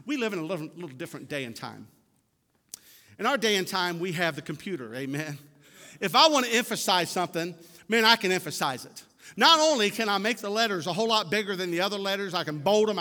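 A man with a high-pitched voice preaches a sermon, pressing hard on key words and repeating them for emphasis. His delivery mixes emphatic declarations with folksy asides. The sound carries the long reverb of a church sanctuary. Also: pushed and bright.

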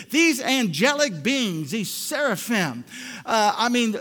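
Male pastor preaching, high voice, dynamic swings from hush to loud, church reverb. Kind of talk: sermon. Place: church sanctuary.

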